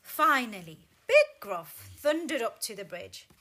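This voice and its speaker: Woman, children's storyteller, slow, bright, lively pitch. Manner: slow, lively, animated reading.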